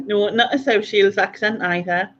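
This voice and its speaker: A woman with a Sunderland accent, hosting a relaxed late-night chat and laughing often. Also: medium pitch, unhurried. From North East England. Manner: laughing, relaxed, uses local slang. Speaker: host. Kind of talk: casual chat. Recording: dull lo-fi sound with faint noise.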